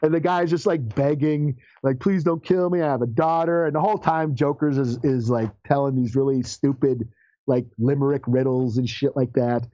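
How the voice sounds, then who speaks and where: A man's voice: medium pitch, fairly even intonation, moderate pace, dark tone, no echo, lo-fi sound. A man co-hosting a podcast, retelling a comic story in casual chat, swearing and laughing along the way. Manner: rambling, profane, laughs while retelling. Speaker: podcast co-host.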